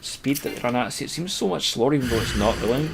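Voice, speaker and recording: A man's voice: medium pitch, lively intonation, quick pace, gravelly. Dry-humoured Scottish man streaming a game. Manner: dry, self-deprecating, reads quest text aloud. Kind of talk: casual game stream commentary. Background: game music.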